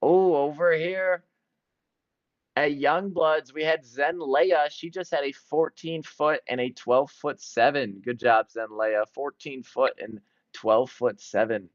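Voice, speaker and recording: Male commentator, excited live play-by-play, mid-pitched, dry and dull lo-fi sound. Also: a little slow, no echo. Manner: excited, jumping between events. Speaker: sports commentator.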